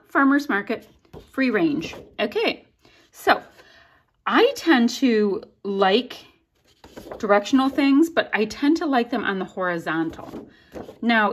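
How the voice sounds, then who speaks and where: A woman hosting a crafting channel, chatting casually and excitedly through an unboxing. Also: medium pitch, breathy edge. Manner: chatty, bubbly, easily delighted.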